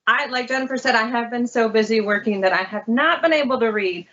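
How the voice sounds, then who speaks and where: Casting note: high-pitched woman librarian, eager storyteller, muffled lo-fi sound. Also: fairly quick, a bit bright. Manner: chatty, enthusiastic storyteller. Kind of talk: casual book talk. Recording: lo-fi muffled audio.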